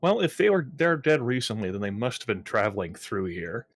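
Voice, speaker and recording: A man playing in a tabletop game, relaxed with dry sarcasm. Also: medium pitch, fairly quick, dry recording. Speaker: player. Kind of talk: casual tabletop play.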